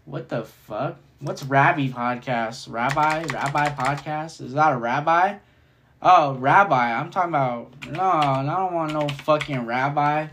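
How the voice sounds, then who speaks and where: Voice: medium pitch, a little slow, fairly bright tone, a little hiss or hum. A podcast host delivering a casual solo rant, profane and rambling, jumping between thoughts.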